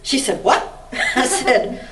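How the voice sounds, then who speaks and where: A middle-aged woman from the South, an author telling animated anecdotes in an interview, acting out dialogue and laughing often. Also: lowish voice, measured pace. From Mississippi, US South. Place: arts council interview room. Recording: distant mic with faint background noise.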